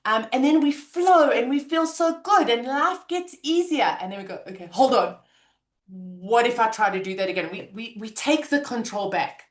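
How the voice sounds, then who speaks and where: A woman co-hosting a relaxed podcast chat, talking in a gentle, reflective way and acting out her own self-talk. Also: on the high side, normal speed, roomy sound. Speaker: podcast co-host. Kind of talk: casual conversational chat.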